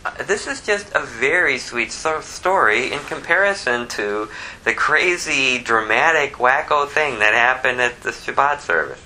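A man preaching an expository Bible sermon in an animated way, reading scripture aloud and swinging from hushed asides to loud, emphatic bursts. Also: mid-range voice, a little slow, a little hiss or hum, low-quality recording. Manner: reads scripture aloud in King James wording. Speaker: pastor.

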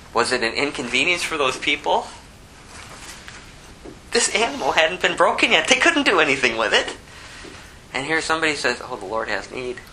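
Bright-voiced preacher, conversational sermon. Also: male voice, on the high side, a little hiss or hum, poor audio. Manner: conversational preaching, rhetorical questions. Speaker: pastor. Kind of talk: sermon with scripture reading.

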